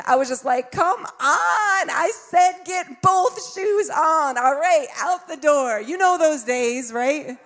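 A woman in her fifties preaching a sermon in a conversational way, acting out voices and laughing along. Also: medium pitch. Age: 50s. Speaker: pastor.

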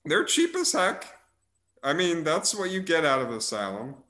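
A young man hosting a casual movie chat in a bright, forward voice. He rambles along in amused tangents, restarting his sentences and piling up filler words as he goes. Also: on the high side, wildly swooping pitch, normal speed. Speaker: podcast host reviewing movies.

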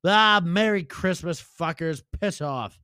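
Crude, cocky loudmouth fan, man doing the voice, pitched high. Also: slow pace, smooth, dry recording, clean studio sound, full character voice. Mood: rude. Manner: cocky, profane trash talk. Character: brash, crude loudmouth male football fan.

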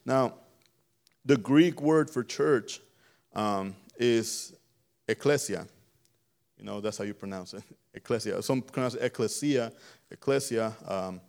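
A man preaching a sermon in a conversational way, often repeating words and restarting, then swelling louder on key phrases. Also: mid-range voice.

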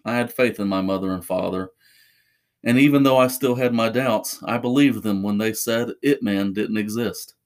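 Man, low voice, measured, suspenseful, first-person horror story narration.

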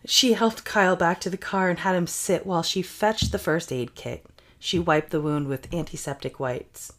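A woman's voice: fairly low pitch, moderate pace. A woman co-hosting a comedy podcast, reading a story aloud with playful banter and frequent laughter. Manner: playful, laughs often, breaks into silly voices.

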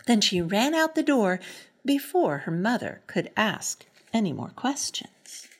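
A woman reading a children's storybook aloud in a soft, often whispery, expressive voice. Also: medium pitch, measured pace, husky. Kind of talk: storybook read-aloud narration.

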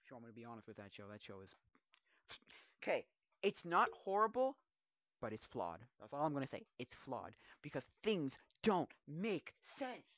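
A man in a casual commentary, mumbling through a passage he reads aloud, then ranting loudly and mocking people in put-on voices. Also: medium pitch, sing-song, moderate pace, no room sound, lo-fi sound.

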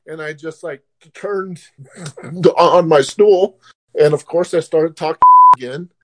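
Man, higher-pitched, cussing casual storyteller who acts out the voices loudly. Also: slow pace. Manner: animated, swearing, laughing, acting out quotes loudly. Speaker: podcast co-host telling a story.

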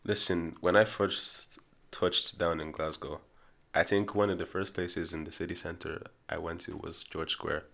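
A man's voice: low voice, level tone, a little slow, vocal fry, a bit bright. A man in a casual chat, teasing playfully and telling his story with some drama.

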